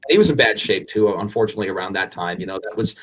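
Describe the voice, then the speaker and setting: Podcast co-host in his forties, lowish voice, animated storyteller who restarts sentences and swears casually. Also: very fast. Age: 40s.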